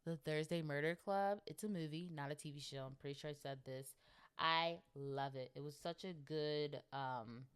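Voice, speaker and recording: A woman's voice: low voice, moderate pace, smooth. A young woman hosting a podcast, chatting casually and rambling with lots of fillers while she talks straight to her listeners. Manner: addresses listeners directly. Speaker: podcast host. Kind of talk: casual chat.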